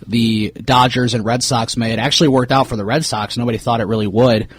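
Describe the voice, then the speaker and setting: A man's voice: mid-range voice, fairly quick, slightly rough. A man co-hosting a sports podcast, chatting casually with many fillers as he runs through player news. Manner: relaxed, many fillers, reads off player signings. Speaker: podcast co-host.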